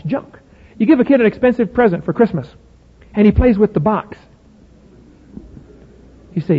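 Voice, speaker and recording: A man's voice: sits high, expressive, a little fast, pauses often, breathy edge. A middle-aged man preaching a sermon in a folksy, emphatic way, full of rhetorical questions. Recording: phone-like audio in a reverberant hall.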